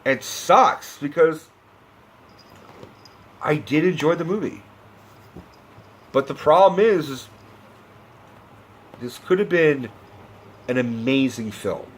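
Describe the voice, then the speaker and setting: A man's voice: fairly high pitch, expressive, takes it slowly, pauses often, a little hiss or hum. A young man giving a profane, impassioned movie-review rant, sarcastic and acting out characters as he goes.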